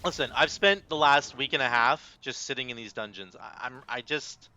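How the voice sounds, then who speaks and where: A man giving excited, self-mocking live commentary while playing a game. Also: medium pitch, moderate pace. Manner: animated, exclamatory, self-mocking. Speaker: gaming content creator.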